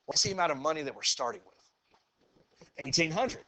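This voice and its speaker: A teacher with a slightly high voice, calling out "okay" often. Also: male voice, fairly quick. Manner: relaxed, says "okay" and "go ahead" often, quizzes the class. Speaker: math teacher. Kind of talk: classroom lecture. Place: classroom with students.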